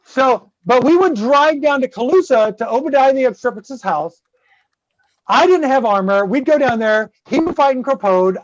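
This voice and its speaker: A man's voice: extremely high pitch, no room sound. A man guest-hosting a podcast, telling a long rambling story full of swearing and constant "right?" checks. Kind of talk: casual profane storytelling. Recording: dull, dry close-mic sound.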